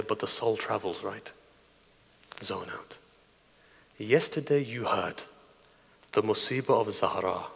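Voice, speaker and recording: A man preaching a grieving, impassioned mourning sermon, moving from hushed asides to loud lament in a large hall. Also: fairly low pitch, gravelly, breathy edge. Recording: long hall reverb.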